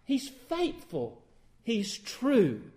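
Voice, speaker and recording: A man preaching a sermon, reading old-style scripture in a measured cadence and swinging between emphatic declarations and low, slow passages. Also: wildly swooping pitch, darkish tone.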